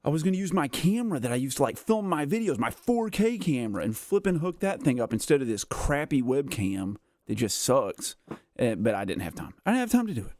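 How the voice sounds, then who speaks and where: A man's voice: medium pitch, expressive, brisk, a little mellow, no echo, studio quality. A man hosting a casual gameplay livestream, rambling and self-mocking as he chats, tired and worn out. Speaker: gaming livestream host. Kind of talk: casual live gameplay chat.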